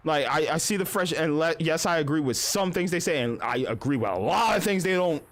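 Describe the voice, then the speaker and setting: A man's voice: on the high side, expressive. Blunt, profane young man ranting. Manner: profane, blunt, fast-talking. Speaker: streamer. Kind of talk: casual livestream rant.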